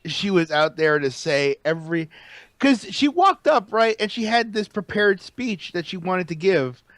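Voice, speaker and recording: Casting note: high-pitched male podcaster, animated and cursing, dry close sound. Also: unhurried, dry recording. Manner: animated, profane, emphatic. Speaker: podcast co-host. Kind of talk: casual wrestling podcast chat.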